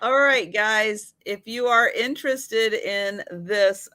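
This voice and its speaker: A woman's voice: mid-range voice, slow, bright, forceful tone, dry recording. A woman hosting a live sale stream, chatting casually with brief agreements and laughing along. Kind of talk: casual chat.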